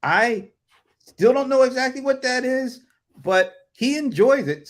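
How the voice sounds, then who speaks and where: A man's voice: a little high, measured pace, fairly bright tone. A man hosting a casual livestream chat over a video call, rambling with many fillers and chuckles. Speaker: host.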